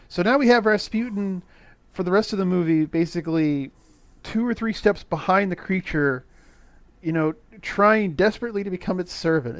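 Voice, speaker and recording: A middle-aged man casually recapping an old movie on a podcast, sarcastic and profane, with animated asides. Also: on the high side, dry recording. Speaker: podcast co-host recapping a film. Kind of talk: casual chat.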